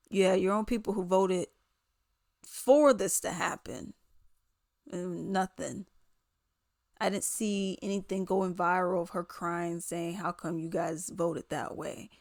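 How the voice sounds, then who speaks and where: A woman giving casual commentary, sarcastic and animated, often mimicking others in quoted voices. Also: mid-range voice, dry recording, clean studio sound. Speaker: commentary vlogger.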